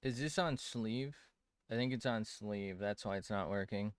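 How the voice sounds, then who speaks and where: Young guy streamer rambling while he draws, kinda low voice, swears a lot, dry close mic. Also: normal speed, clear, resonant tone, dry recording. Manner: rambling, self-mocking, swears often. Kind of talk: casual chat while drawing on stream.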